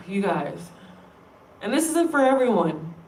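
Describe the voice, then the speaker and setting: A woman's voice: fairly high pitch, sing-song, slow, noisy background. A woman vlogger speaking straight to her viewers in an emphatic, frustrated rant, swearing freely as she makes her point. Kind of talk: direct-to-camera rant. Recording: roomy sound, distant from the mic.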